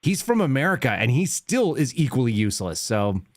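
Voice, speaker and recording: A man's voice: mid-range voice, sing-song, a little fast, no room sound, studio quality. A man in his thirties hosting a call-in show, telling an angry story in a loose, ranting way. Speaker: host. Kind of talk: casual call-in show chat.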